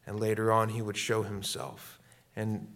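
A middle-aged man preaching a sermon as pastor, repeating his lines and swinging between loud, fervent peaks and hushed, quiet passages. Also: on the low side, unhurried.

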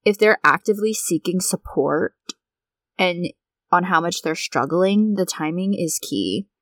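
Woman, early twenties, solo podcast host; casual, frank delivery with plenty of cursing, slightly low voice, dry recording. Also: animated, a little slow, fairly bright tone, no echo. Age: 20s. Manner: candid, blunt, swears freely.

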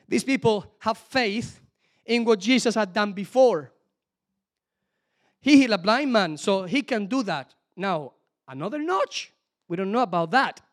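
A man preaching a sermon, telling the story with lively asides that swing from hushed to loud and emphatic. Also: high-pitched. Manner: lively, talks to the congregation directly with frequent asides.

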